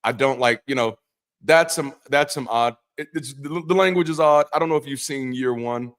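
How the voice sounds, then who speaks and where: An ex-pastor with a slightly bright, mid-range voice runs a Bible study livestream at a normal pace. It's a relaxed, profane chat full of jokes, and he frequently doubles back to repeat words or restart.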